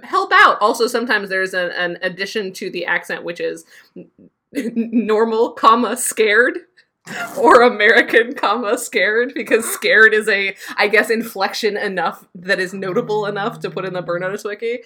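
A woman co-hosting a podcast in casual chat, animated and joking, often laughing. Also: mid-range voice, normal speed. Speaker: podcast co-host.

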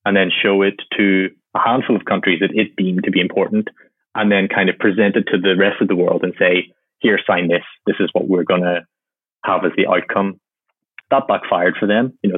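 A man answering interview questions as a climate policy expert, explaining in a measured, lightly wry way. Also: low voice, breathy edge, dry recording. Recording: tinny phone-like line, dry.

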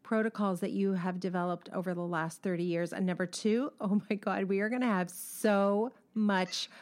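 A woman's voice: mid-range voice, moderate pace. A woman hosting a podcast, chatting casually and laughing as she tells stories. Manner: laughing, storytelling, animated quotes. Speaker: podcast host. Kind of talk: casual chat.

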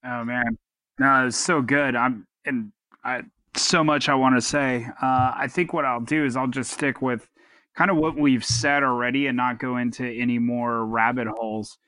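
A man's voice: medium pitch, fairly even intonation, normal speed, pushed and bright, no room sound. A man co-hosting a podcast, giving earnest advice in a rambling way with many restarts. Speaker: podcast co-host. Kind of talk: casual advice-giving talk.

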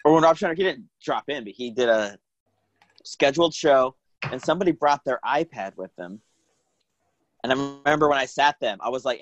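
A man's voice: mid-range voice, expressive, fairly quick, dry recording, muffled recording. Dry-voiced man recounting club stories. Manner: dry storyteller, backchannels often, acts out quotes. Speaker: former comedy club staffer. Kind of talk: casual podcast chat.

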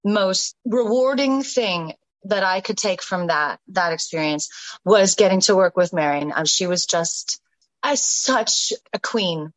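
A woman's voice: mid-range voice, expressive, measured pace, dry recording, rough recording. A stage actress as an interview guest, chatting effusively and often restarting her phrases. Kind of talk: casual interview chat.

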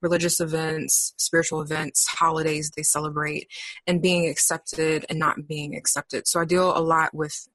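A woman therapist being interviewed, explaining her clinical work in a measured way with frequent pauses. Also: low-pitched, flat delivery, fairly bright tone, no room sound. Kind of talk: professional conversation.

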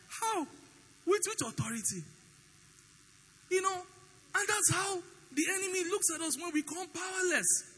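A man's voice: very high-pitched, moderate pace, long pauses, long reverb tail, low-quality recording. A man with a Nigerian accent preaching a sermon as pastor, telling stories animatedly and acting out the dialogue. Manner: animated storytelling, acts out dialogue.

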